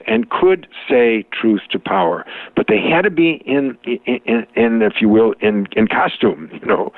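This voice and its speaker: A man's voice: medium pitch, slightly rough, no room sound. An older man with a Chicago accent, a comic and professor talking through jokes in a rambling interview manner. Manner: rambling, restarts often, storytelling jokes. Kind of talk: interview conversation. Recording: tinny phone-like line.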